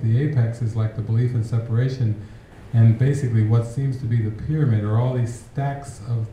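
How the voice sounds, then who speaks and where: A man gives a relaxed, reflective spiritual talk, with a very warm and mellow tone. He sounds far from the mic in a strongly echoing hall. A faint background noise runs under his voice. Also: mid-range voice. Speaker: spiritual teacher. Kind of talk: spiritual talk with audience question.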